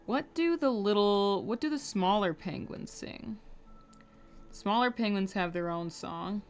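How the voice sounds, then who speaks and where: Young woman streamer, unhurried, chatty rambling over her drawing work. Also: medium pitch, soft background music. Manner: rambling, talks to chat while drawing, hums between remarks. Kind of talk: casual livestream chat.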